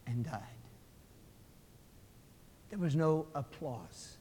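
A man preaching a sermon, telling a story dramatically and swinging from loud outbursts to hushed prayer. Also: a little high, animated, a little slow, a little hiss or hum. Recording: hall with long reverb.

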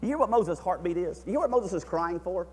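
A man preaching a sermon with passion, swinging between hushed, quiet passages and near-shouted, fervent ones. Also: sits high, lively intonation, fairly quick, long reverb tail, slight background noise.

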